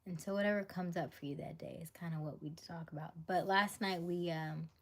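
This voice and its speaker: A woman's voice: on the low side, fairly even intonation, brisk. An American woman hosting a casual live stream, chatting and reading viewer comments aloud, often laughing and dropping to a half-whisper. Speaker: livestream host.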